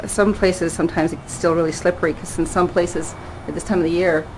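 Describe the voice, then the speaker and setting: A woman's voice: fairly low pitch, fairly even intonation, fairly quick, slight background noise, rough recording. Chatty woman vlogging on her balcony. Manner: chatty, rambling, laughs often. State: out of breath and sweaty after a workout. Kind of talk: casual fitness vlog. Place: outdoor balcony.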